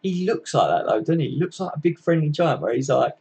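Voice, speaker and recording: A gravelly, husky-voiced man talks casually on a live stream. He chats loosely, swears freely and answers viewers as he goes. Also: a little high, animated, fast, a little mellow, dull audio. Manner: chatty, sweary, reads out viewer comments. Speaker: livestream host. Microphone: computer mic, live stream.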